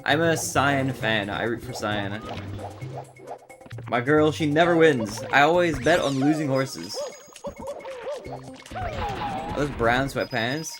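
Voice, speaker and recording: Male streamer, lively swooping delivery, chatty and quick to laugh, game music playing underneath. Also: mid-range voice. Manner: animated storyteller, laughs often. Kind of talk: casual livestream chat while speedrunning.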